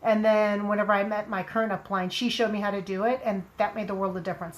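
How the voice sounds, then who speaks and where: A woman casually demonstrating how to apply nail strips, chatting and rambling with friendly asides, a frog in her throat that makes her clear it now and then. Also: mid-range voice, fairly even intonation, quick pace. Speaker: nail product seller demonstrating application.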